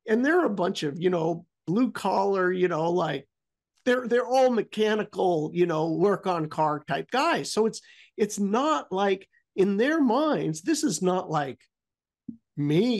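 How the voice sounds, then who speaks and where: Gravelly rambling storyteller man. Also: high-pitched. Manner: rambling, trailing off often. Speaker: podcast co-host. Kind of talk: casual storytelling.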